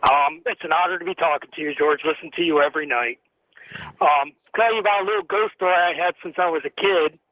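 A man phoning into a late-night radio show tells his story in an earnest, steady way, pausing on ums. His voice sits high for a man. It comes through a thin phone line with no room sound. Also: no room sound. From Tennessee. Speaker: caller.

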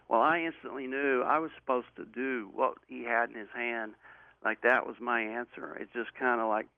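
An interview guest talks over a call in a gravelly, creaky voice. His earnest storytelling rambles and restarts often. The sound is thin and phone-like, with a dry, close quality. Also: mid-range voice, fairly even intonation, normal speed, no room sound. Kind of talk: personal storytelling in a remote interview. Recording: tinny phone-line audio.

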